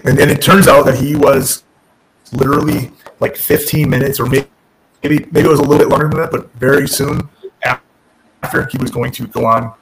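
A man who is a former wrestler and podcast guest, telling a story in casual, animated talk, restarting sentences and acting out what people said. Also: mid-range voice, moderate pace, gravelly, long pauses, a little hiss or hum, low-quality recording. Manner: animated, restarts and self-corrects, acts out quotes.

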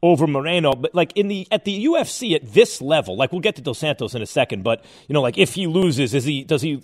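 A man hosting a sports radio show, interviewing a guest and thinking out loud with restarts as he probes. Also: on the high side. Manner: probing, thinks aloud with restarts.

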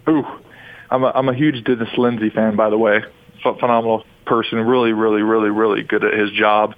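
On a tinny phone line, a former pro basketball player from Utah in his thirties tells stories as a guest on a sports radio interview, rambling enthusiastically with frequent restarts. His voice is on the low side and brisk with a flat delivery, and the recording is dry.

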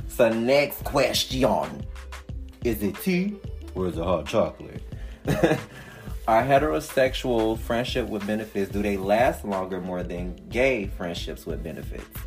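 A man's voice: lowish voice, darkish tone. A man hosting a podcast, chatting casually with slangy banter and frequent laughter. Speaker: podcast host.

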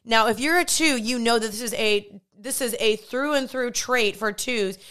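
A young woman talking earnestly and chattily to her vlog audience about her own struggles, with quick asides. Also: fairly high pitch, fairly bright tone, clean tone. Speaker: vlogger. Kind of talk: casual confessional vlog talk.

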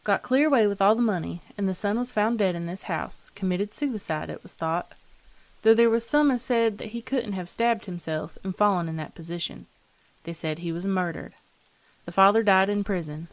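A woman voicing a sly old landlady who talks in a slow, metallic, folksy drawl, coolly unbothered. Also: mid-range voice, dry recording, lightly acted. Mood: gossipy.

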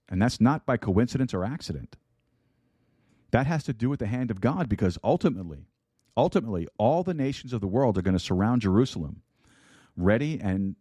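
This American pastor's voice is on the low side and warm, with no echo. Preaching over an online broadcast that has a chat room, he repeats himself and asks his listeners rhetorical questions.

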